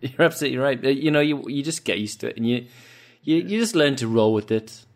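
A man's voice: mid-range voice, animated. Joking male podcast host. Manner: joking, teasing, quick to laugh. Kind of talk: casual chat.

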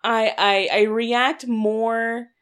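A woman chatting casually as a podcast co-host, self-deprecating and quick to laugh. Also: on the high side, fairly even intonation, a bit bright, clear, resonant tone. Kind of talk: casual chat.

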